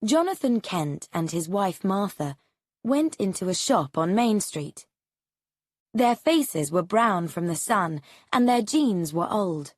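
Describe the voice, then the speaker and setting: A woman narrating a graded reader story for English learners in a slow, clear, deliberate way. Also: mid-range voice, very animated, a little mellow, no room sound, studio quality.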